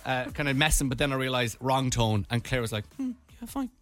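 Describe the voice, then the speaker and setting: A man's voice: medium pitch, fairly even intonation, fast talker, a bit bright, faint music behind. A young Irish man hosting a radio show, telling a funny travel story in casual chat and acting out voices. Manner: playful storyteller, acts out voices. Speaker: radio host.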